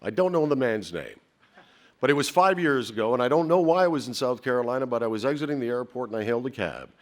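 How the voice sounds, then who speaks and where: A man's voice: medium pitch, animated. A middle-aged man from Canada giving a heartfelt, rhetorical acceptance speech from a podium on a banquet hall stage. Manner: emotional, rhetorical, with dramatic pauses.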